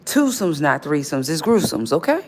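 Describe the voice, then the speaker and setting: A woman's voice: sits low, sing-song, moderate pace, darkish tone. A woman on a phone livestream, ranting straight at an absent person in a confrontational, scolding, repetitive way. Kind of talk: livestream rant.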